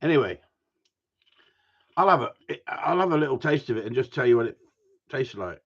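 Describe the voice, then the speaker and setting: A man's voice: mid-range voice, expressive, moderate pace, fairly bright tone. A man, a gundog trainer, chatting casually with viewers outdoors in the cold, reading their comments and joking as he rambles. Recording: muffled lo-fi sound.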